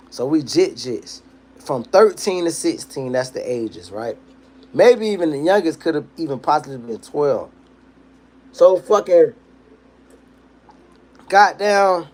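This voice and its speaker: A young man tells a long street story on his livestream, loose and profane. His voice sits a little high, and he acts out the other people in the story as he goes. He talks straight into a streaming mic. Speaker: livestream host. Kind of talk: casual storytelling.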